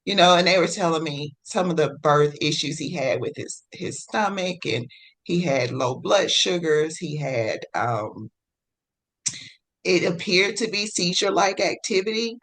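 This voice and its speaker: A woman telling her own story as a podcast guest, swinging between hushed and excited and acting out her own past words. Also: fairly low pitch, unhurried. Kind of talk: personal storytelling in a podcast interview.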